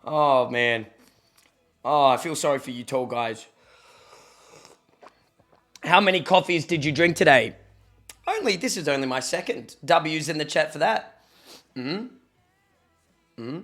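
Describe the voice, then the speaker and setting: A man's voice: fairly high pitch, expressive, measured pace, pauses often, a bit bright, faint music behind. A young Australian man, a streamer, chatting casually with his viewers, joking and reading the chat aloud, a bit sniffly from hay fever.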